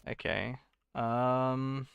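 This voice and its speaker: A man's voice: medium pitch, fairly even intonation, drawn-out words, gravelly, fairly bright tone, lo-fi sound, slight background noise. A man streaming himself coding, thinking aloud in a casual, muttering way and correcting himself as he goes.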